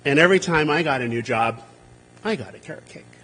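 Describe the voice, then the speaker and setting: A slightly high, husky male voice tells warm, funny stories at a memorial service. The sound carries a long reverb from the hall. He livens his anecdotes by acting out what people said. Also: a little fast. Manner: humorous, animated when quoting others. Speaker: eulogy speaker, friend and colleague. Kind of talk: memorial eulogy, anecdotal storytelling.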